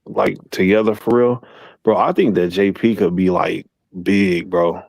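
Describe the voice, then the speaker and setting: A man's voice: low voice, steady tone, unhurried, creaky, darkish tone, no room sound. A man who is a guest in a casual live chat. He rambles and fills his talk with "like" and "bro".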